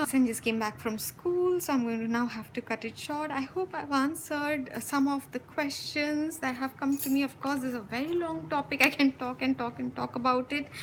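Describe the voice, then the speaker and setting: A woman hosting a spiritual live stream from home, talking passionately and intensely, speeding up when excited and laughing often. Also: high voice, slight background noise, low-quality recording. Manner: frequent laughs and warm endearments. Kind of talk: live-stream talk to viewers.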